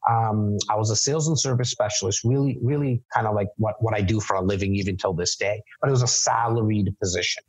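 Stammering man, husky and dry. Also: on the low side, quick pace, few pauses, dry recording. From Canada. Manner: repeats words often, many false starts. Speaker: podcast guest, real estate entrepreneur. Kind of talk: casual interview talk. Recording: dry, slightly muffled lo-fi sound.

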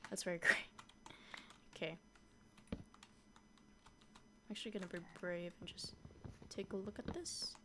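A young woman chatting casually through a modded block-building game, easily scared and quick to shriek at monsters. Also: medium pitch, background noise. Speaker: gaming YouTuber. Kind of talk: casual gameplay commentary.

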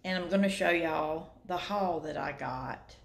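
This vlogger's voice is low-pitched and gravelly, and her pace is measured. She's a middle-aged woman with a Southern US accent, talking chattily to y'all in her thrift-shopping video with an easy drawl.

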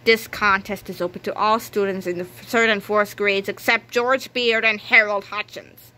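A woman's voice: medium pitch, fairly even intonation, normal speed, natural voice. A woman voicing a grumpy, gloating middle-aged male school principal in a read-aloud storybook. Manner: shouting, gloating.

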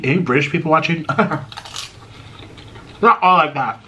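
An American mukbang YouTuber chats casually with his viewers while eating, rambling and often breaking off and restarting his sentences. His voice sits on the high side, bright and forceful, and he speaks slowly with frequent pauses. There's a slight hiss or hum in the recording.

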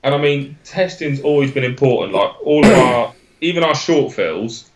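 A man's voice: medium pitch, lively intonation, moderate pace. A young man with an Oxfordshire accent, chatting as a guest on a live stream, rambling and correcting himself as he goes, with easy laughs. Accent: Oxfordshire English. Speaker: guest, e-liquid maker. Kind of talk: casual live-stream chat.

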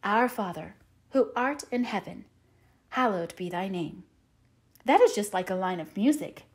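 A woman's voice: mid-range voice, expressive, measured pace, natural voice. A woman voicing a talkative, dreamy young orphan girl in an audiobook, with eager, rapturous run-on chatter. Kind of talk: audiobook character reading.

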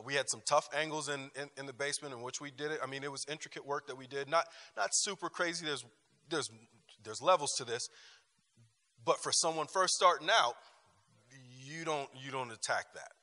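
Male class teacher, emphatic and repetitive, forceful bright tone, church room with long reverb. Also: on the high side. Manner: emphatic, repeats phrases and restarts often. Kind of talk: lively class talk with personal stories.

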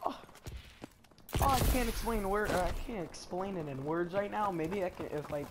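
A man giving excitable, slangy, trash-talking commentary over his gameplay. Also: high voice, normal speed, background noise. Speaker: gamer. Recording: loud gunfire from the game behind. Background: game gunfire and effects.

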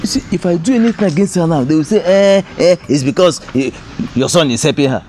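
An actor with a Nigerian accent playing a father who calms his upset daughter in a film drama. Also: fairly high pitch, fast, slight background noise, close to an everyday voice. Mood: soothing. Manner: soothing, rambling. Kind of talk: film acting.

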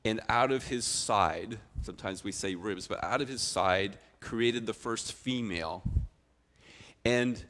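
A middle-aged man, a pastor, preaching a sermon with expressive storytelling that swings from loud to quiet. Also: lowish voice, unhurried.

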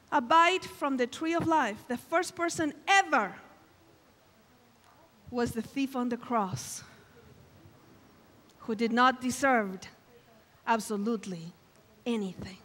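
A woman delivers an emphatic, exclamatory sermon in a high, bright voice. She speaks slowly and deliberately, bursting into lively quoted lines. Her voice rings through a large hall with a long reverb tail. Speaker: guest preacher. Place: large hall at a camp meeting.

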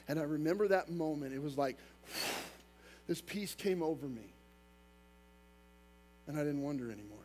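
A male pastor preaching a sermon, talking fast and emphatic, with casual asides to the congregation. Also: a little high, lively intonation, darkish tone, faint music behind.

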